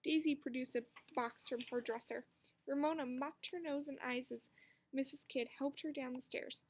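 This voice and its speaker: A woman reading a children's book aloud with expressive storytelling. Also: sits high, moderate pace. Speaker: narrator.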